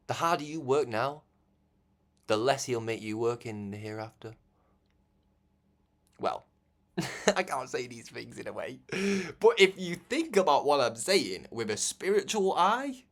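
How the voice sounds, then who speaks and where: Rambling man giving spiritual talk. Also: medium pitch. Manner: rambling, conversational, laughs often, restarts and stammers. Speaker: religious broadcaster.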